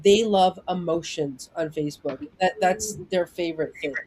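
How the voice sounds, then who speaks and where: A woman's voice: on the low side, normal speed, a little mellow. Chatty woman producer running a meeting. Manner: chatty, full of "like" fillers, acts out quotes. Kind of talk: casual meeting chat.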